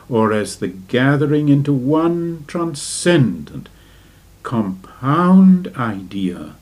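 Slow, deliberate man giving spiritual lecture. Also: mid-range voice, darkish tone. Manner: deliberate, with rhetorical questions to listeners. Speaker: religious teacher.

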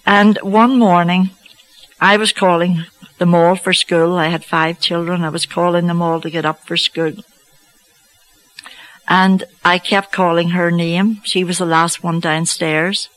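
Slow, reflective woman storyteller. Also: lowish voice, flat delivery, fairly bright tone, rough recording. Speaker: speaker giving a faith testimony. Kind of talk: personal story told to an audience.

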